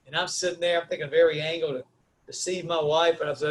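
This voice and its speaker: A man tells a story on a webinar, acting out each line of dialogue with lively energy. A faint hum sits under his voice. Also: on the high side, moderate pace, pauses often. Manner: lively, acts out quoted dialogue, Southern "y'all". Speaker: webinar speaker. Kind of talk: animated storytelling talk.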